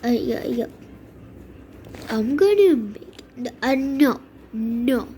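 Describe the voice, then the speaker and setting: A young woman with a high voice drawls slowly through her gaming session, muttering and grumbling in exasperation with sudden dramatic outbursts. A steady hiss of background noise sits under her voice. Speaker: gamer. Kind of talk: gaming commentary.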